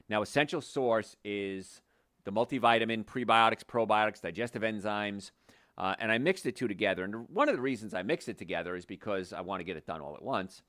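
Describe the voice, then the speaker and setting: A man's voice: lowish voice, a bit bright, no room sound, studio quality. An older man, a chiropractor hosting a health show, explaining conversationally with restarts and stressed words. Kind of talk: health talk monologue.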